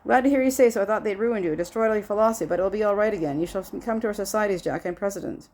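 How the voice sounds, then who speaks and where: A woman's voice: medium pitch, very fast, a little mellow, lightly acted. A woman voicing a doting, fretful elderly father who lectures pompously on his philosophy. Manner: pompous, fretful, long-winded. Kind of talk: audiobook character voice.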